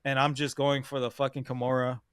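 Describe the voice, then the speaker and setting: A man's voice: medium pitch, monotone, a little fast, a bit bright, clear, resonant tone, no room sound, clean studio sound. A young man casually telling a competition story on a podcast, slangy and swearing, calling his listener "bro" over and over. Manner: slangy, swears a lot, says "bro" often. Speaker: podcast host.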